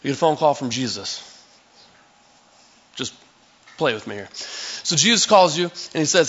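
A man's voice: fairly high pitch, animated, normal speed, long pauses, a bit bright, husky, lo-fi sound. A male pastor giving a sermon in a conversational, storytelling way, acting out scenes for his listeners.

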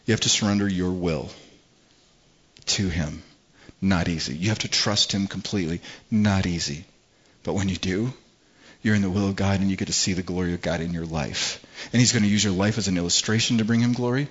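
A man's voice: sits low, a little fast. Conversational male pastor preaching. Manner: conversational preaching, acts out quoted voices. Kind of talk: sermon. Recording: slightly dull, muffled sound.

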